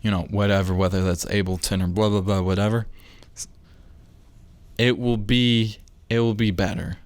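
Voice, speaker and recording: A man's voice: fairly low pitch, level tone, normal speed, no room sound. A young man hosting a casual podcast, rambling and interrupting himself with jokes and lost trains of thought. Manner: rambling, self-interrupting, jokey. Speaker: podcast host.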